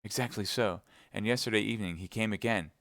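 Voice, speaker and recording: A man's voice: fairly low pitch, quick pace, fairly bright tone, no echo, clean studio sound. A man playing an earnest, gallant young male swordsman in an audiobook reading, with a reassuring and eager manner. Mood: urgent.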